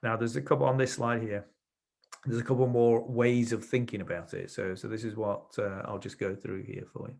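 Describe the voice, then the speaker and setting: A man giving a webinar on NLP, explaining techniques through client stories in a relaxed, chatty way and acting out what his clients said. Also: medium pitch, fairly quick, creaky. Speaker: webinar presenter, NLP trainer. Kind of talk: explanatory webinar talk with anecdotes.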